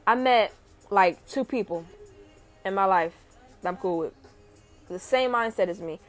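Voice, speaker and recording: A young woman in a casual, animated rant to camera, often rising to near shouting when heated. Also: medium pitch, a little slow, pauses often, soft background music. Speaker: vlogger.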